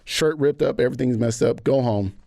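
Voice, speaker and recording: A man from Atlanta, a podcast guest telling a story with animated energy and acted-out quotes. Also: mid-range voice, a little fast, gravelly, no echo, clean studio sound. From Atlanta, USA. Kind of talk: casual conversation.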